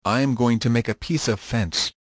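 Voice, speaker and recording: A man voicing a calm, patient grown farmhand who speaks quietly and matter-of-factly in a storybook reading. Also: mid-range voice, normal speed, no echo, clean studio sound, natural voice.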